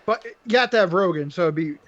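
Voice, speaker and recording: High-voiced man joking through fight picks. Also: lively intonation, muffled recording. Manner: joking, laughs often, quick banter. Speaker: podcast co-host. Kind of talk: casual chat about fight picks.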